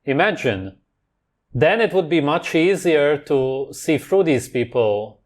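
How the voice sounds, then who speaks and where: A man's voice: a little high, lively intonation, takes it slowly. A man hosting a reaction video, talking over clips with scornful, sarcastic commentary.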